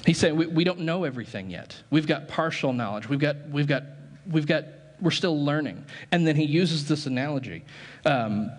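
A man's voice: on the high side, animated, moderate pace, in a large hall. A man preaching a sermon as pastor, talking conversationally, correcting himself as he goes, and laughing at his own asides.

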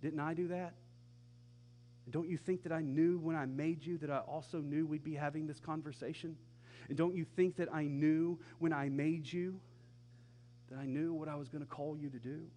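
A man's voice: fairly high pitch, steady tone, normal speed, mellow, close to an everyday voice. Brief: man reading God's lines in a sermon, fatherly and firm, everyday wording, pressing rhetorical questions. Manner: casual modern phrasing, emphatic rhetorical questions. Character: God as a plain-talking father, patient, firm.

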